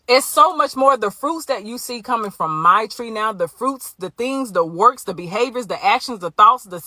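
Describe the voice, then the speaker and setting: A woman's voice: a little high, lively intonation, normal speed, hardly any pauses, sharp tone, dry recording. A woman giving an earnest, conversational faith testimony straight to her viewers. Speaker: Christian vlogger. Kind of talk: candid faith testimony to camera.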